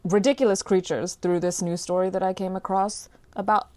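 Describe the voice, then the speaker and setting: A woman giving exasperated, animated commentary on a news story, her voice dropping low and then rising into loud outbursts. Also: brisk. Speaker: commentary vlogger.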